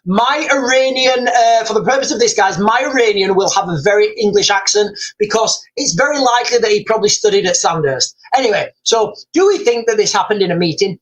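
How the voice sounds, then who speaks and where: A man's voice: high voice, a bit bright, rough recording. Rambling man hosting a live stream. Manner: rambling, chatty, many restarts. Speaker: livestream host. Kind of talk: casual live-stream chat.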